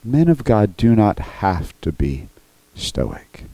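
Earnest low-voiced male preacher. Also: sing-song, slow, mellow, dry recording, rough recording. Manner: earnest, emphatic, repeats "okay?" to the congregation. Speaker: pastor. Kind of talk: sermon.

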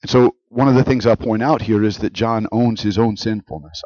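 A man preaching a sermon as a pastor, emphatic, with his voice rising on stressed words and then dropping low. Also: fairly even intonation, normal speed, hardly any pauses, darkish tone, no echo, dull audio.

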